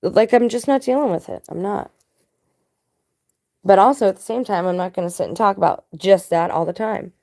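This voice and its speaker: A woman's voice: medium pitch, moderate pace, mellow. Blunt, emphatic woman vlogger. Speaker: video blogger. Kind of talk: casual commentary to camera.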